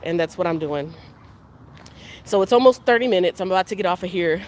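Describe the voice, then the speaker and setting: A woman records a casual vlog on a walk around her neighborhood, her voice at an ordinary middle pitch. She rambles, circles back and repeats herself as she candidly criticizes herself. Faint outdoor ambience sits behind her. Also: animated, fairly quick, a little mellow, slight background noise. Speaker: vlogger.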